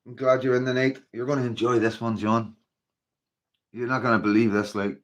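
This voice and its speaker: A man's voice: medium pitch, little pitch movement, fairly quick. A man with a Northern Irish accent hosting a casual livestream, chatting to viewers and greeting them by name in a rambling, filler-heavy way. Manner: chatty, rambling, with frequent fillers like "you know" and "like". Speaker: livestream host.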